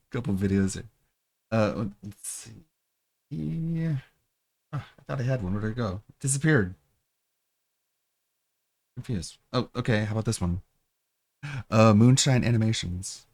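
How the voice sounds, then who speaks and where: A man's voice: lowish voice, no room sound. A male streamer hosting, making dry, wry asides while he looks for videos to play. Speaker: streamer host. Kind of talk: casual stream commentary.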